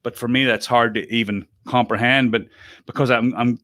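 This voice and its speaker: A chatty man hosts a casual podcast conversation, often breaking off mid-thought and laughing along. His voice has a bright, forceful edge, recorded dry and close with almost no room sound. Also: medium pitch, fairly even intonation, moderate pace, dry recording. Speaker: podcast host. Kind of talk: casual group chat.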